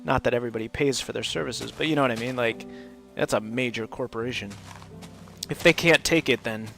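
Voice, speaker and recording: A man's voice: mid-range voice, fairly quick, creaky, a bit bright, faint music behind. A man chatting casually while he hosts a game livestream, rambling and laughing often. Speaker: livestream host, English teacher. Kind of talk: casual chat while gaming.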